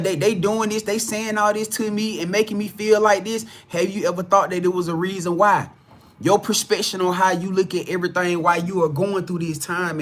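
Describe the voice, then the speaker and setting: A man holds forth as a spiritual reader on a live stream. His voice sits a little higher than most men's, and he swears freely while calling the viewers y'all in a loose, preachy way. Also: a bit bright. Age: adult parent. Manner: profane, blunt, preachy, addresses viewers as y'all. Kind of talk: casual spiritual talk to a live audience.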